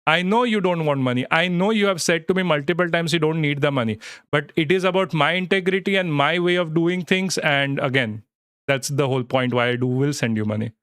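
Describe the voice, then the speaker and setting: A man's voice: fairly high pitch, brisk, a bit bright, clear, resonant tone, no echo, clean studio sound. A man hosting a casual live stream, talking in a rambling, reassuring way and swearing now and then. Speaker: livestream host.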